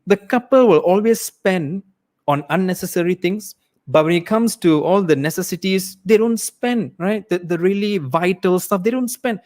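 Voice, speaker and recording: A young man from Malaysia performing a livestreamed stand-up set, acting out characters. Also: moderate pace. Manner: animated, acts out characters with big pitch swings. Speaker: stand-up comedian.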